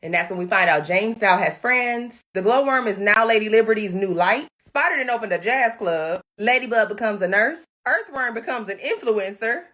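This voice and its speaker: A woman's voice: mid-range voice, animated, moderate pace, hardly any pauses, pushed and bright. A woman hosting a comedic movie recap, telling the story in a sassy, slangy style.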